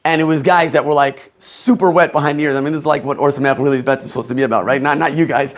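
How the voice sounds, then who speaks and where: This fast-talking man has a fairly high pitch and hails from Maryland, USA. Teaching rabbinical students, he is lively and full of questions, laughing often.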